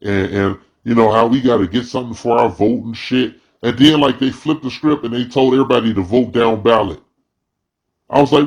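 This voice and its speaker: A man's voice: mid-range voice, a little fast, gravelly, a little mellow, slightly rough. A man commentating in a blunt, profane, heated casual rant. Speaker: video commentator.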